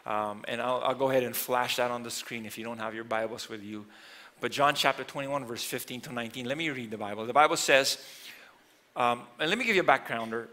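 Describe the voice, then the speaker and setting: A man, a pastor, preaching a sermon earnestly. He swings between loud emphasis and quiet, softer lines. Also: medium pitch, a little fast.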